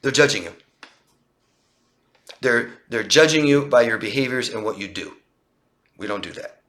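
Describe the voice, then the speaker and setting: Male life coach, live Q&A, bright edgy tone, emphatic and rhetorical. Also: lowish voice. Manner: emphatic, rhetorical questions, acts out quoted lines in a raised voice.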